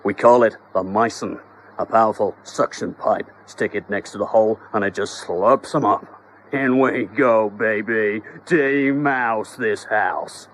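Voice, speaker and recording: A man's voice: lowish voice, a little slow, a bit bright, slight background noise. A man doing a brash swaggering pest exterminator. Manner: swaggering, cocky action-hero talk.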